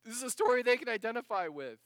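A man preaching a sermon, dramatic, dropping to a hush and then rising to loud emphasis as he acts out passages. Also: very high voice, lively intonation, fast, no echo. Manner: dramatic, shifts between hushed and loud; acts out the scripture passages he reads.

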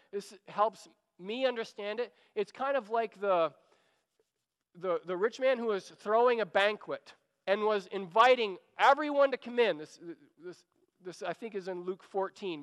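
High-voiced man preaching in a hall. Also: clean tone. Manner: earnest, urging, repeats phrases when pleading. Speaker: pastor. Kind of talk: sermon.

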